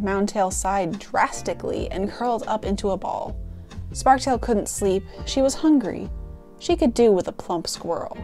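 A woman's voice: mid-range voice, normal speed, dark tone, faint music behind. A young woman casually reading aloud a story she wrote, stumbling over lines and adding amused side comments. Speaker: artist reading her old story aloud.

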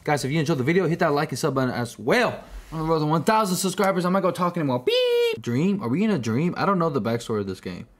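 A man hosting a horror game let's play, reacting with casual slang, swearing and yelling at the scares. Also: on the high side, animated, racing, few pauses. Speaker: gaming channel host.

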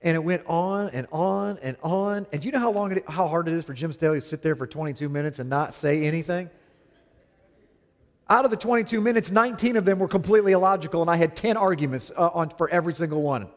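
A middle-aged man preaching to a congregation, with a fairly high voice for a man. He tells stories in an animated way and acts out both sides of an argument. His voice rings with the long reverb of a large hall. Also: quick pace. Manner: animated storytelling, acting out both sides of a quarrel. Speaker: pastor. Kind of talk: sermon.

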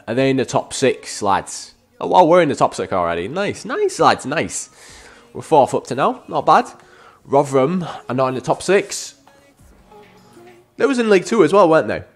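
A man giving casual, excitable commentary as he plays a football video game, calling out to his viewers as lads. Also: on the high side. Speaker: gaming YouTuber.

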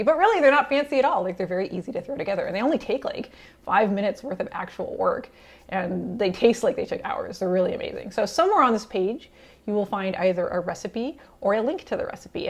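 An upbeat woman hosts a home cooking video, chatting about a recipe in an easygoing way. She sounds excited and natural, with relaxed fillers and the odd little laugh, and her pitch sits at a middle height. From Italian heritage. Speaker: cooking show host. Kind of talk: casual cooking talk to camera.

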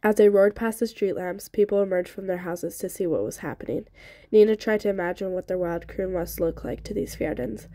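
An audiobook reader, a woman, narrates a novel with a steady, expressive delivery. Her voice is soft, mellow and mid-range, and she reads fairly quickly. The recording is dry and close, with no room echo.

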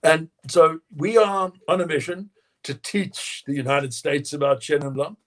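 A man, a winemaker guest in an interview, telling lively anecdotes and acting out quotes with frequent laughter. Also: fairly high pitch, unhurried. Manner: animated storyteller, acts out quotes, laughs often.

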